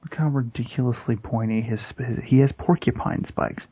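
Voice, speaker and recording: Husky man on a lo-fi podcast mic. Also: mid-range voice, a little fast, no room sound. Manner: crude, joking, rambling. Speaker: podcast co-host. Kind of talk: casual podcast chat.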